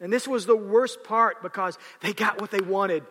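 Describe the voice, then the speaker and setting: A man preaching a sermon, animated and dramatic, often repeating words as he acts out scenes, in a church hall with long reverb. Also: high voice, normal speed.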